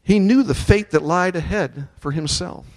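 A man preaching with a somewhat high voice that climbs to loud, ringing peaks on scripture. He reads verses aloud and leads the congregation in call-and-response chants. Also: normal speed. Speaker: pastor. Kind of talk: sermon.

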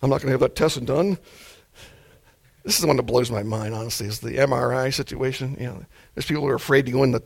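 A man's voice: mid-range voice, fast talker, gravelly, breathy edge. Laid-back, mild-mannered male preacher. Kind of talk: sermon.

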